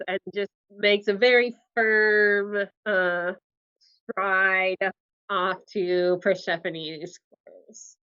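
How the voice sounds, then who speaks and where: A woman's voice: mid-range voice, steady tone, very slow, pushed and bright, clear, resonant tone, muffled recording. A woman narrating as game master in a tabletop role-play stream, also speaking for non-player figures.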